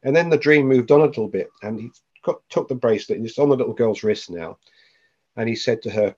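A man's voice: lowish voice, a little fast, a little mellow, breathy edge, highs cut off. A man, a podcast guest, tells a personal story with animation and acts out the voices of the people in it.

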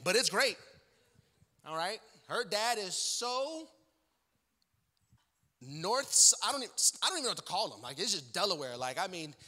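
Man, guest pastor, comic storyteller in a sermon; bright voice in an echoing sanctuary. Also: high voice. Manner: joking, conversational, many fillers. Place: church sanctuary. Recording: long church-hall reverb.

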